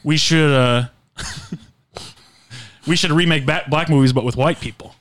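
A man co-hosting a podcast, deadpan and profane, tossing out absurd questions in casual comedic chat. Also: a little high, slow pace, dry recording. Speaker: podcast co-host.

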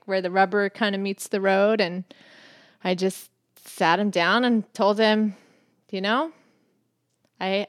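A woman's voice: medium pitch, dry recording, clean studio sound. A woman co-hosting a casual faith-based talk about marriage with her husband, speaking earnestly and reflectively and laughing often. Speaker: podcast co-host, wife.

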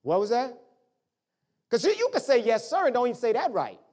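A man's voice: very high-pitched, brisk. A man preaching a sermon, telling family stories and acting out the voices of his parents. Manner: animated preaching with storytelling and voiced family dialogue. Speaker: pastor.

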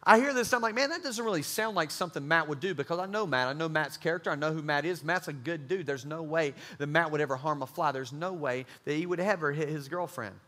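A young man preaching a youth sermon, joking and acting out quick bits of dialogue. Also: fairly high pitch, a bit bright. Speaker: youth pastor.

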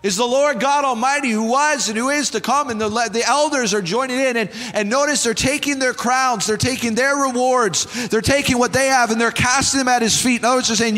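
A man's voice: very high voice, moderate pace, bright, forceful tone. A male pastor preaching a sermon, repeating phrases and building to fervent exhortation. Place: church sanctuary. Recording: church hall reverb with faint music.

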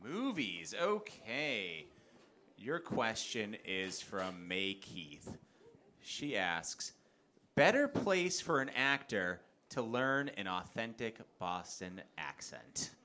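A man's voice: lowish voice, slow pace. A man hosting a live comedy game show, announcing contestants and reading questions aloud. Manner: lively, upbeat announcing. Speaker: host.

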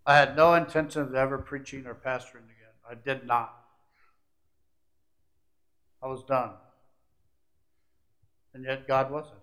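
Man preaching a sermon, loud and soft swings. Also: medium pitch. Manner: preachy, swings from loud climaxes to quiet asides. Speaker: pastor.

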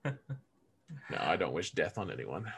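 A man with a somewhat low voice chats on a gaming podcast, animated and joking. He often stammers and restarts his sentences as he talks. The talk is casual, between friends. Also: takes it slowly, gravelly, breathy edge. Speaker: podcast co-host.

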